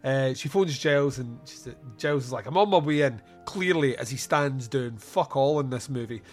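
In a casual film review chat on his podcast, a man talks at a normal speed in a mid-range voice while soft music plays behind him. He laughs frequently and acts out lines using silly voices.

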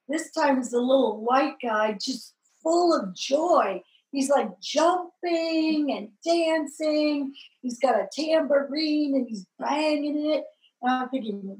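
A woman from Southern California telling her conversion story in a lively, expressive way, acting out the people she met. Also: sits high, echoey room, rough recording. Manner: lively, acts out voices in the story, rises to excited peaks. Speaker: guest telling her testimony. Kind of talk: animated personal storytelling.

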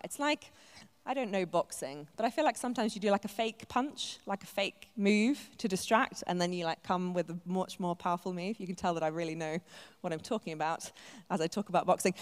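A woman's voice: lowish voice, clear, resonant tone. A woman giving a conversational sermon with light self-deprecating humor, checking in with her listeners. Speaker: preacher. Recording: echoey hall.

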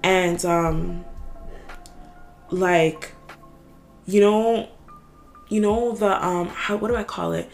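A young woman co-hosting a podcast, telling an animated story in casual chat, full of "like" and swearing. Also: lowish voice, slow pace, gravelly, pauses often, faint music behind. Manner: animated storytelling, swears a lot, heavy filler "like".

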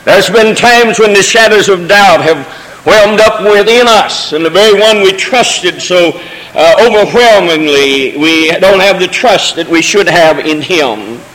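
A man's voice: high-pitched, measured pace, fairly bright tone. A man preaching a Sunday sermon, moving between folksy asides and rising, emotional cadences. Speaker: pastor. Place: church sanctuary during a service. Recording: long reverb of a church hall.

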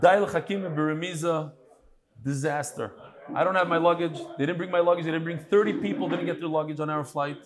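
A man's voice: on the high side, a little fast, a crowd in the background. A man hosting a casual live stream, greeting viewers by name and teasing them. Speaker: host of a live online talk.

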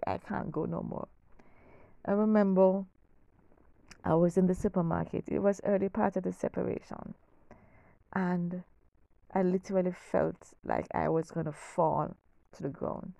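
A middle-aged woman speaks slowly and earnestly as the host of her own faith-filled podcast, repeating her words for emphasis. Her voice has a gravelly edge and a mellow, darker tone. It is recorded close and dry, with no room sound. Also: mid-range voice, no echo. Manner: slow, emphatic, repeats phrases, drops to near-whisper at times. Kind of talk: heartfelt faith-based podcast monologue.

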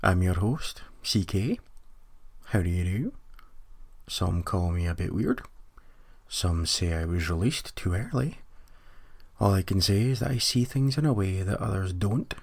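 A man's voice: deep voice, lively intonation, measured pace, vocal fry, pauses often, a little mellow, slightly rough, no room sound. A Scottish man hosting a podcast, delivering a mock-serious comic monologue with dry joking asides. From Scotland. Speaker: podcast host.

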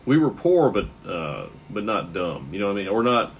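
A man's voice: on the low side, very animated, normal speed, dull audio, a little hiss or hum. A man from the American South, a comedian guest chatting casually on a podcast, rambling and searching for words with lots of fillers.

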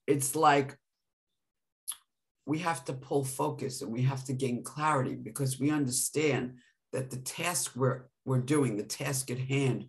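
A woman with a New York accent, co-hosting a casual podcast chat and telling stories in an animated way. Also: very deep voice, measured pace. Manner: animated storytelling with laughs. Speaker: podcast co-host.

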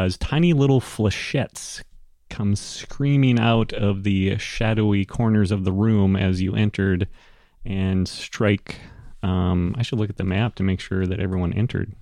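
A man running a tabletop game as game master, talking in a relaxed, rambling way with many ums and restarts. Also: fairly low pitch, measured pace, no echo, clean studio sound.

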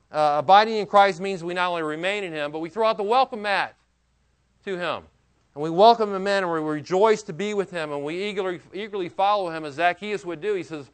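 A man preaching a sermon as a pastor, earnest and emphatic, with casual asides and rhetorical questions. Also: sits high.

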